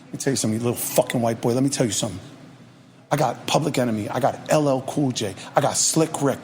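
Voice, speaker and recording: A man voicing a towering, furious male radio promotion boss who talks in a gruff, profane, threatening way. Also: medium pitch, quick pace, a little mellow, a little hiss or hum, voice pushed down, natural voice. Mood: menacing.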